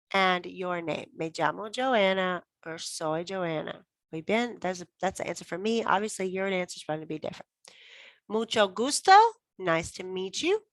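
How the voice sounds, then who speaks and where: A woman teaching a casual Spanish lesson into her phone, repeating phrases slowly with sudden high bursts. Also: fairly bright tone, no echo. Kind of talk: casual online language lesson.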